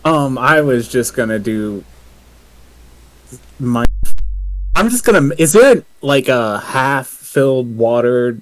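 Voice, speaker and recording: A man at a tabletop game, talking casually with other players and giggling at jokes. His voice sits at a middle pitch. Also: lively intonation, takes it slowly, pauses often, rough recording.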